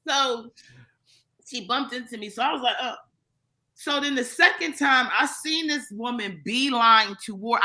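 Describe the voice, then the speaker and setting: A woman guest on a live-streamed podcast, telling a profane story in an animated, casual way with many restarts. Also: on the high side, low-quality recording. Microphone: live stream mic.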